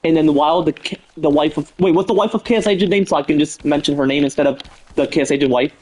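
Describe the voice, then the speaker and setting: Give me a rambling male streamer, fairly high voice, thinking out loud. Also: quick pace, poor audio. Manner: rambling, fillers like "pretty much". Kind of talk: casual brainstorming chat.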